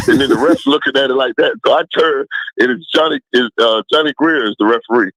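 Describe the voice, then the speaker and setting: A middle-aged man, a former football player, telling lively stories as a guest, laughing often and talking colloquially. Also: mid-range voice, fast talker, no room sound, poor audio. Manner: animated, laughing storyteller with colloquial speech. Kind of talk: casual storytelling.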